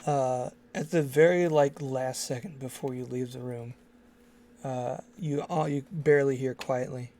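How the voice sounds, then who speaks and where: A man's voice: mid-range voice, steady tone, unhurried, warm tone, slight background noise. A man narrating as game master of a tabletop game, in loose, filler-heavy speech.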